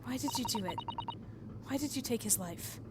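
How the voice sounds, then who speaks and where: A woman's voice: on the high side, lively intonation, normal speed, very noisy, pitched above the performer's own voice, close to an everyday voice. A woman reading an earnest grieving young woman.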